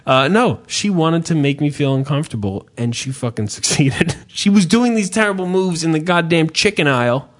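A man's voice: a little high, lively intonation, moderate pace, few pauses. A man hosting a casual chat, swearing freely and rambling through a story, with many hesitations and restarts. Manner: hesitant, repeats himself. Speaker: podcast host.

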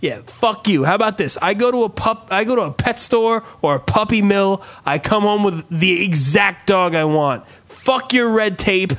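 A man's voice: sits high, expressive, normal speed, few pauses, a bit bright. A man hosting a casual podcast, ranting profanely and telling stories with sarcastic asides. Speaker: podcast host. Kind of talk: profane comedic rant.

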